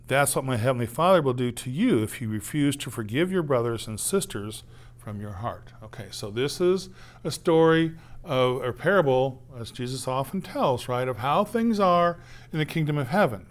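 A man's voice: medium pitch, expressive, moderate pace. A man preaching a conversational sermon, often asking "right?" and acting out the voices in a parable. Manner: conversational preaching, acts out quoted voices, tag questions. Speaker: pastor.

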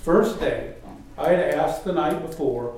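A man, a guest, telling a personal missionary story in a casual, animated way and mimicking the voices of people in it. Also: medium pitch, normal speed. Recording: distant mic in a very echoey room, faint noise.

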